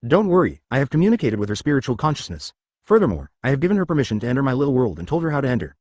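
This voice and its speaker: A man voicing a gentle, doting immortal emperor who talks to his wife and daughter with a smile, recorded close and dry. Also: mid-range voice, sing-song, racing, no echo. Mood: gently reassuring. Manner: smiling, reassuring.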